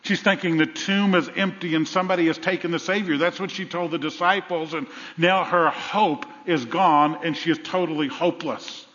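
A man's voice: on the high side, steady tone, moderate pace, hardly any pauses, fairly bright tone. A man preaching a sermon, dramatic and humorous, acting out the lines of people in the story. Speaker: pastor. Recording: dull sound with long hall reverb.

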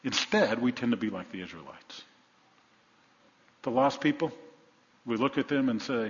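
A male pastor delivering a sermon, firing rhetorical questions at the congregation and swinging between loud emphasis and hushed asides. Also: mid-range voice, expressive, moderate pace, pauses often. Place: church sanctuary. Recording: dull lo-fi sound with long hall reverb.

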